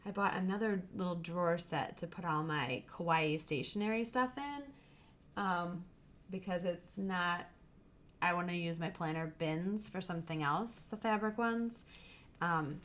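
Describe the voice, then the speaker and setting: Hosting a laid-back crafting livestream, a woman unboxes happy mail and gushes over stickers, now and then dropping to a whisper at cute items. Her voice is lowish and fairly bright, at a moderate pace.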